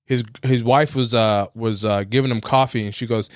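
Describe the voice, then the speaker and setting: A man's voice: mid-range voice, fairly even intonation, normal speed, dry recording, studio quality. A man co-hosting a podcast, telling a long story in casual chat, swearing freely and acting out quotes. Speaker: podcast co-host.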